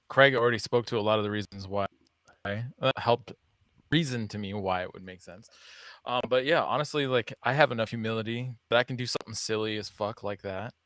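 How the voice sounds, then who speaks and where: A man's voice: on the low side, a bit bright, no echo. A man in his thirties co-hosting a live podcast, answering candidly and joking about himself in casual chat. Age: 30s. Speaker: podcast co-host.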